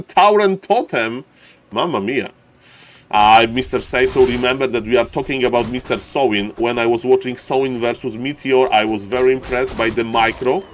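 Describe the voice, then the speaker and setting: A man who is not an English speaker, commentating a strategy game match live on stream, greeting viewers and getting loud at big plays. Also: medium pitch, a little hiss or hum. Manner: excitable, shouts at big plays, non-native English phrasing. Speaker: esports caster and streamer.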